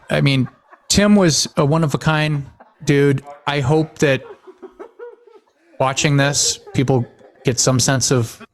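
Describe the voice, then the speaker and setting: Animated storyteller man with a lively pitch. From Washington State, US. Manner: animated storyteller, acts out quoted dialogue, many fillers. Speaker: podcast host. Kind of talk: casual podcast chat.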